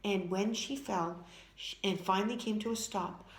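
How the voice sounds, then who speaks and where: A woman reading a children's story aloud with dramatic, expressive delivery. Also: medium pitch, moderate pace. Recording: echoey room.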